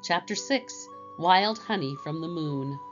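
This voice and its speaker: A woman narrating a children's storybook in a slow, gentle reading manner. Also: lowish voice, animated, highs cut off, soft background music.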